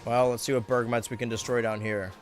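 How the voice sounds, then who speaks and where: A young man casually commenting on his gameplay as a streamer, chatty and self-mocking, with sudden loud outbursts and a voice getting worn. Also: medium pitch, flat delivery, fairly quick, faint music behind.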